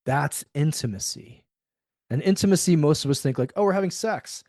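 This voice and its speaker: A man's voice: fairly high pitch, animated, normal speed, warm tone, no room sound, clean studio sound. A middle-aged man talking candidly in an interview, acting out quoted dialogue with animation. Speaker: podcast guest. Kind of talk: conversational interview.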